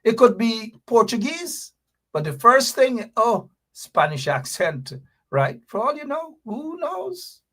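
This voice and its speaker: A man hosting a political commentary stream, his voice sitting a little higher than most men's. He hammers his points home with indignant emphasis and keeps circling back to the same lines. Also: fairly bright tone. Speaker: host.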